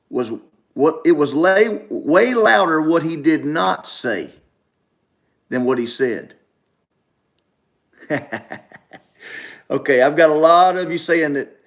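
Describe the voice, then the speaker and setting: A middle-aged man, hosting a casual talk livestream from home and repeating his points emphatically. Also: medium pitch. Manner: emphatic, repeats instructions to viewers. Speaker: talk show host.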